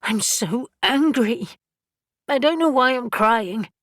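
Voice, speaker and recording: A woman's voice: medium pitch, unhurried, breathy edge, no room sound, studio quality. A woman voicing a shaken, determined middle-aged woman who speaks in a tense, shaken way.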